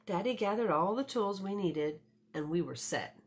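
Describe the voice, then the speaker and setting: A woman librarian reading a picture book aloud to children, expressive and storytelling, with chatty asides. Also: medium pitch, normal speed, husky.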